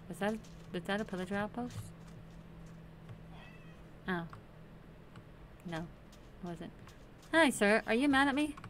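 A woman's voice: mid-range voice, a bit bright, slight background noise. A woman host casually commenting on her Minecraft play, chatty and playful, talking to the game's characters. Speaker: gaming channel host.

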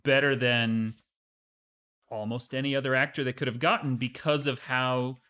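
A man chatting on a podcast with strong, enthusiastic opinions. His voice sits at an ordinary, middle pitch. He talks casually and easily. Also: steady tone, normal speed, bright, forceful tone. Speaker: podcast co-host. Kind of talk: casual conversation.

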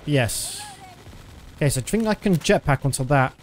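A man's voice: on the high side, lively intonation, moderate pace, slight background noise. A man streaming a shooter game, giving a chatty, self-mocking running commentary. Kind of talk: casual gameplay commentary.

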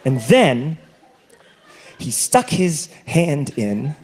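A man doing a stand-up comedy set, telling stories in an animated way and acting out other people's voices, recorded live on stage. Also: on the high side, very slow. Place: comedy stage with a laughing audience. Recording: live show with audible audience noise.

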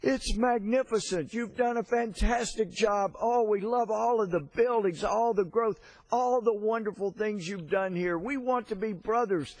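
Man doing a tipsy, effusive old patriarch, pitched way up. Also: measured pace, few pauses, a little mellow, no echo, low-quality recording. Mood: gushing. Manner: effusive, gushing. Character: drunk boisterous older male family patriarch.

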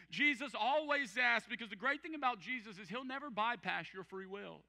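A pastor delivering an emphatic sermon, repeating key phrases and acting out quoted voices. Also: male voice, extremely high pitch, fairly quick, hardly any pauses, sharp tone. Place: large church hall. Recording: church hall with long reverb.

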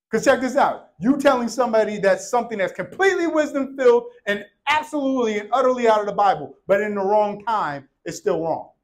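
Male church preacher, thirties, bright high voice, jokes and shouts. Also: rough recording. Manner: animated, joking, swings from shouting to hushed. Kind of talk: sermon.

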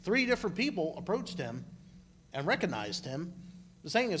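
A man giving an informal sermon at a church service, talking in a halting way with frequent restarts. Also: high voice, sing-song, a bit bright, husky. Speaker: church speaker. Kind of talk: conversational sermon. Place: church service, live broadcast.

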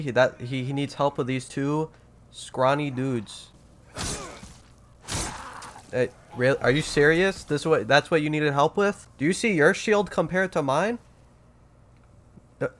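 A man giving casual let's-play commentary, excitable and profane, trash-talking the game as he plays. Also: fairly high pitch, slight background noise. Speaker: gaming YouTuber.

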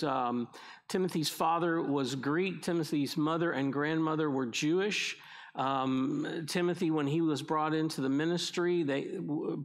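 Man preaching a conversational sermon. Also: a little high. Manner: conversational preaching with frequent restarts. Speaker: pastor.

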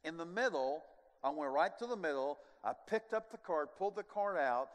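An older male preacher tells his story from the pulpit, his voice sitting a little high. He drops to a near hush, then surges loud with chuckling asides. His words ring out with the long reverb of a big sanctuary. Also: expressive, normal speed. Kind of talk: sermon testimony storytelling. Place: large church sanctuary.

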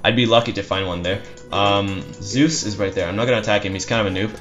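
A man's voice: fairly low pitch, quick pace, fairly bright tone. Rambling man commentating a game. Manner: rambling, self-deprecating, dry sarcasm. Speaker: gameplay commentator. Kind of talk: casual live game commentary. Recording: dull lo-fi mic with faint music.

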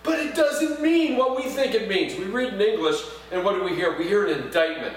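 A man's voice: high voice, lively intonation, brisk, few pauses. A man preaching a sermon as pastor, talking conversationally, asking the congregation questions and making light jokes. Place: church sanctuary. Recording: echoey church from far off, faint hum.

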